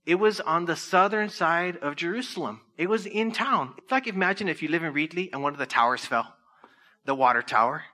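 A man preaching a sermon in a conversational way, often checking in with his listeners with "right?" and dropping soft and slow when he quotes. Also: on the high side. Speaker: pastor.

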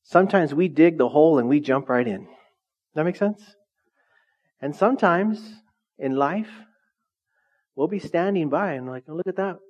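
A middle-aged male pastor preaching a lively, conversational sermon, often asking the congregation questions. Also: on the high side, measured pace, long pauses. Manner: asks the congregation frequent questions. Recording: dull lo-fi sound.

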